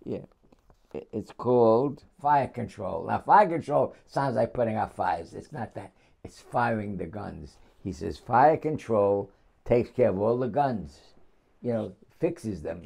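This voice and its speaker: Older New man, gravelly veteran storyteller, chuckling, halting. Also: on the low side, a little mellow. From New York City. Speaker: war veteran interviewee. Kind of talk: oral history storytelling.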